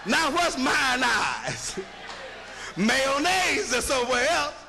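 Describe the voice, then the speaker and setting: High, bright-voiced man lecturing emphatically. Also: big pitch swings, slow pace, creaky, big-room sound, faint music behind, a faint crowd. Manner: emphatic, preacherly, with rhetorical questions and spelled-out words. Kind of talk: public lecture.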